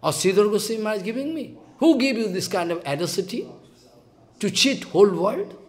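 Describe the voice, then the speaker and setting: A man's voice: high-pitched, lively intonation, fairly quick. A man with a Bengali accent giving a devotional sermon as a spiritual teacher, emphatic and scolding, repeating phrases and acting out quotes.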